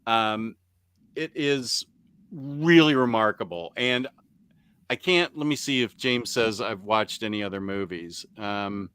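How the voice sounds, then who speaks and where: Man, podcast host, unhurried halting delivery, smooth crisp tone. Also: on the low side, a bit bright, no echo. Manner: halting, many ums and restarts. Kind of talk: casual chat. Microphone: USB microphone on computer.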